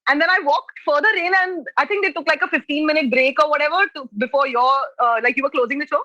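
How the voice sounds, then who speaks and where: A young woman tells stories as a podcast guest on a remote call. Her voice is high and bright, with a dry, close sound. She talks in a loose, chatty way and swears casually. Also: steady tone, fast talker, dry recording, muffled recording. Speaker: guest, comedian.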